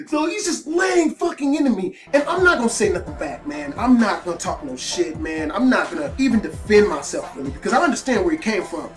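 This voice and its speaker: A man telling a wild personal story in casual, profane storytime style, full of slang fillers. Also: sits high. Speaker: storytime YouTuber.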